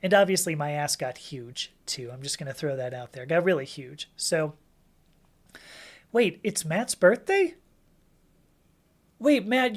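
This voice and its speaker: A woman hosting a casual livestream Q&A, chatting and reading viewer comments aloud with frequent laughs and restarts. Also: deep voice. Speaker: livestream host answering chat questions.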